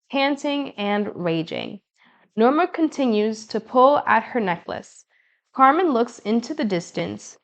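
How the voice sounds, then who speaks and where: Woman narrating an audiobook in first person. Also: a little high. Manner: measured, expressive storytelling.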